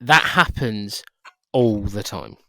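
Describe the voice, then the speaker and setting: A man's voice: fairly low pitch, expressive, takes it slowly, pushed and bright, no room sound. A man guest on a podcast, a hairstylist telling stories in casual chat and laughing at himself.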